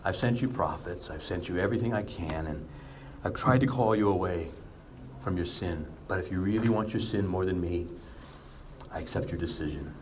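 A man voicing God as a solemn, patient father figure, speaking low, slow and hushed in a sermon. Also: a little hiss or hum, close to an everyday voice. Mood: grave.

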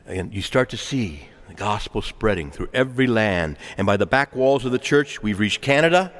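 A male priest giving a sermon, talking with animated swings in pitch and volume, adding asides and small laughs. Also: moderate pace. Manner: animated preaching with wide swings, chuckles and asides. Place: large church. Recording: long church reverb.

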